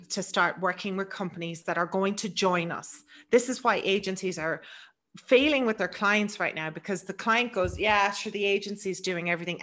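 A middle-aged woman with an Irish accent giving a quick, chatty business webinar presentation. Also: lowish voice, sharp tone. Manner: fast, chatty, laughs easily.

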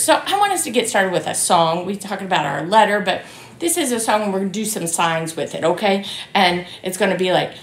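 A woman leading a children's storytime as librarian, animated and sing-song, talking to little ones and their grown-ups. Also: medium pitch. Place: library room. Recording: roomy echo.

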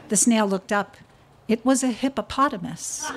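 A nervous woman speaking at a memorial service in a church, reading a children's story aloud with a few halting restarts. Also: a little high, expressive.

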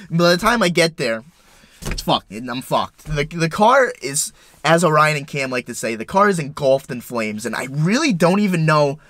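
Young guy ranting thru a crazy story, kinda high voice, cursing a lot. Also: dry recording. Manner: excitable, profane, stumbling retelling. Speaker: vlogger. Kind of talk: casual storytelling.

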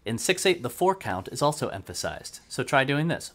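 A man's voice: mid-range voice, sing-song, normal speed, a bit bright, slight background noise. A man teaching accordion who explains methodically and counts beats aloud. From United States. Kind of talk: instructional music lesson. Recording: accordion playing throughout.

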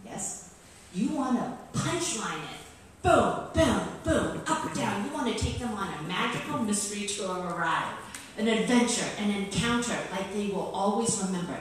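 Keynote speaker: lively, theatrical woman, heard from a distance in a very echoey hall. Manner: theatrical, playful, leaps in pitch. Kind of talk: animated talk to a writers' group. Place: meeting hall. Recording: very echoey hall, distant mic, faint hum.

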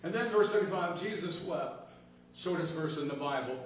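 A man preaching a sermon as pastor, swinging between hushed, tender passages and emphatic, rising points. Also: a little high, lively intonation, normal speed, a little hiss or hum. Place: church sanctuary. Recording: echoey church hall from far off.

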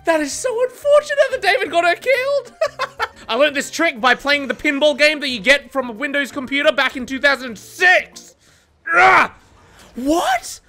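A woman giving excitable gameplay commentary, swearing, laughing often and mocking herself. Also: high voice, normal speed, soft background music. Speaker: gaming content creator.

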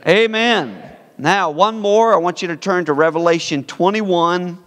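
A male pastor preaching a sermon, reading scripture and leading a prayer in solemn, measured phrases, slowing for emphasis. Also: high voice, a bit bright. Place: church sanctuary. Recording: long hall reverb of a church sanctuary.

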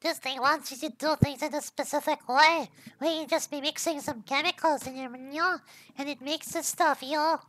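A woman's voice: high voice, fairly even intonation, normal speed, a bit bright, no echo. A woman streamer giving casual game commentary, thinking aloud as she tries things, swearing freely and tacking "yo" onto her lines.

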